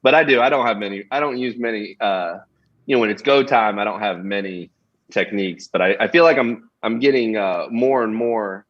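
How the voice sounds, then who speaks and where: A man in his thirties, from Florida, chatting casually as a guest pro angler, halting with many restarts. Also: lowish voice, fairly bright tone, highs cut off. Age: 30s. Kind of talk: casual podcast chat.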